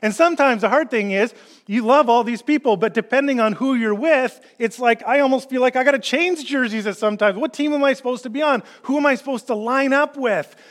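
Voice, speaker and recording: A middle-aged man preaching a sermon, telling a personal story in an animated, joking way. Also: very high voice, a little fast. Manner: storytelling, animated and jokey, rising when quoting. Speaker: pastor.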